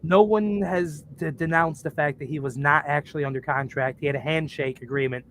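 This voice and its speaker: A man's voice: on the high side, brisk, fairly bright tone, slight background noise. Crude, joking man telling stories on a podcast. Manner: crude, joking storyteller who laughs at his own stories. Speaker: podcast co-host. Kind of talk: casual chat.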